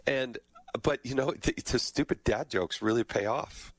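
A man's voice: mid-range voice, measured pace, no room sound. A middle-aged man hosting a casual interview, joking and telling stories about himself. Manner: jokey, self-deprecating storyteller. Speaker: host.

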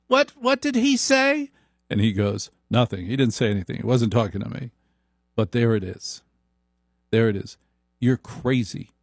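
A man delivering a comic monologue in a slow, deliberate, wry manner. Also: mid-range voice, gravelly, dark tone, no room sound, studio quality.

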